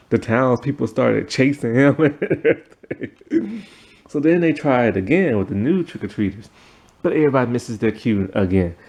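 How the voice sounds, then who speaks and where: A man's voice: medium pitch, creaky, a little mellow. A man recapping a TV episode in a casual, rambling way, full of fillers. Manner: rambling, filler-heavy retelling. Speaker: TV episode reviewer.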